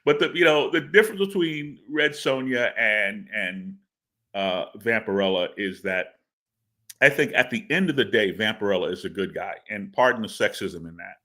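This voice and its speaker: A man's voice: lowish voice, normal speed, pushed and bright. A man talking as a guest in a casual interview, rambling and stammering with repeated words and laughs. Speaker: comic book writer interviewed as guest.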